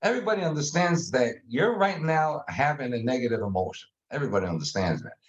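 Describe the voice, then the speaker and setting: A man guest explaining a communication method in casual conversation, animated and acting out examples. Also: medium pitch, fast, muffled recording. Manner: animated, acts out examples with faces and sounds.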